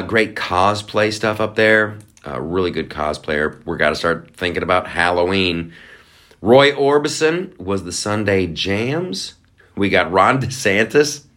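A man's voice: fairly low pitch, fairly bright tone. A man hosting a solo podcast in a casual, rambling, sarcastic way, with playful asides. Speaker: podcast host.

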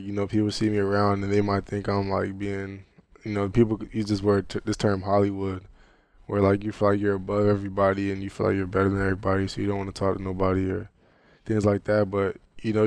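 A young man, a college basketball player, answering interview questions casually and softly, filling his sentences with "you know". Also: fairly low pitch, no echo. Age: young adult. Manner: soft-spoken, heavy on "you know" fillers.

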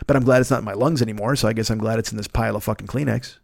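A man's voice: lowish voice, racing, gravelly, no echo, studio quality. A man in his fifties getting over a cold, riffing in a profane, rambling comic monologue as the host of his own show. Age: 50s. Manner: rambling, crude and animated, jumps into mocking voices. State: recovering from a cold, phlegmy. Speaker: podcast host.

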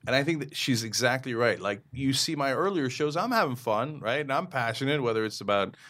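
An animated man speaks as a guest in a podcast interview. His pitch swings widely as he argues a point, and his delivery is emphatic and quick. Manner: emphatic, fast, breaks into mimicry and laughs. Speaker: interview guest, media founder.

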